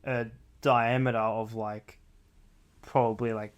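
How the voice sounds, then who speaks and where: A man's voice: medium pitch, level tone, slow. A young man from Australia co-hosting a casual podcast, laid-back and hesitant with fillers. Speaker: podcast co-host. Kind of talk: casual chat.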